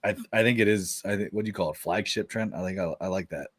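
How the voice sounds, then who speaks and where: Brief: relaxed man podcast host, lowish voice, dry close sound. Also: fast, slightly rough, no room sound. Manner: easygoing, leads the segments. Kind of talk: casual sports chat.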